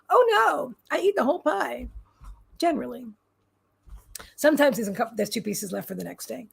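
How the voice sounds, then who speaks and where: A woman's voice: sits high, expressive, a little slow, gravelly, pauses often, fairly bright tone. A woman hosting a casual livestream from home, rambling and bubbly as she answers viewers' comments aloud. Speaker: livestream host and psychic reader.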